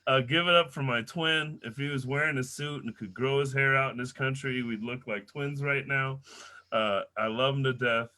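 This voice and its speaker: A man hosting a comedy show, loud and excitable, swearing as he hypes up the next act. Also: medium pitch, normal speed. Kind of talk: hyped-up introduction.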